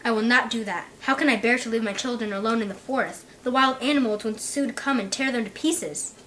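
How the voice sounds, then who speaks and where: A woman's voice: fairly high pitch, a little fast, fairly bright tone, a little hiss or hum, close to an everyday voice. A woman reading the part of a poor, worried woodcutter father in an earnest voice.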